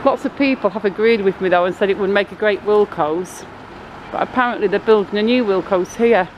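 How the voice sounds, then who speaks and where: Brisk and mid-range, a woman from Blackpool, England, rambles through a casual story as she vlogs outdoors. The audio from her handheld camera mic sounds dull, and a busy town street fills the background with noise.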